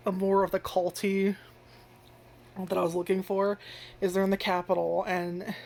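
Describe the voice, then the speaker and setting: This woman's voice sits mid-range and is creaky, moving at a moderate pace as she offers casual first-impressions commentary on an anime. The reviewer rambles, uses lots of fillers, and swears a lot. Animated throughout, she leaps into loud acted-out reactions.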